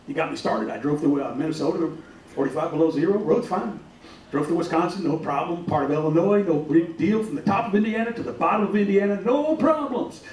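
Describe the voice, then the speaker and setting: A man's voice: high-pitched, fairly quick, distant mic. A man doing a stand-up comedy set, telling folksy stories and acting out voices. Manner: folksy storytelling, acts out voices. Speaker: stand-up comic. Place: comedy club stage. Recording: roomy club, off-mic, faint noise.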